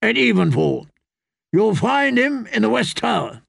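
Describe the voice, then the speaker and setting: A man voicing a castle guardsman who reports in a brisk, formal manner. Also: sits high, big pitch swings, vocal fry, a bit bright, husky, no echo, studio quality, pitched above the performer's own voice, heavily acted. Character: dutiful male castle guardsman.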